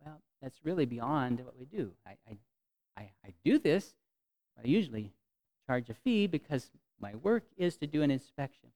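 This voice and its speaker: A man preaching a conversational sermon to his congregation, telling stories with frequent restarts and swinging from soft to emphatic. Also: medium pitch, sing-song, normal speed. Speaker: pastor. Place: congregation meeting in a temporary venue.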